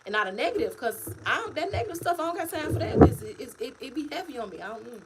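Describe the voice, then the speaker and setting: Animated woman livestreaming about her life. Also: sits high, fast talker, very noisy. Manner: animated, repetitive, preachy, addresses viewers as y'all. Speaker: author and vlogger. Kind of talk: casual livestream talk to viewers. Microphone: phone or webcam, livestream.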